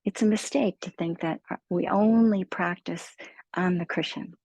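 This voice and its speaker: A woman leading a guided mindfulness talk with a low, husky, slightly gravelly voice. She speaks slowly and gently, in a soothing, unhurried way. The sound is dry and close, with no room around it. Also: fairly even intonation, no echo, lo-fi sound. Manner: slow, gentle, soothing delivery. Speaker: meditation teacher.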